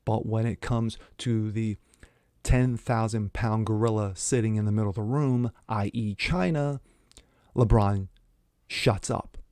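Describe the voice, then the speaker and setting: A man's voice: lowish voice, steady tone, measured pace, darkish tone, no room sound, studio quality. A man hosting an opinion commentary, reading news quotes aloud and breaking in with sarcastic, mocking asides. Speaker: commentary channel host.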